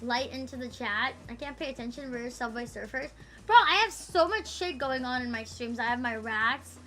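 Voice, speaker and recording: A woman's voice: a little high, normal speed, a bit bright. A woman livestreaming, chatting casually with her viewers in a rambling, profane, playful way that teases her chat.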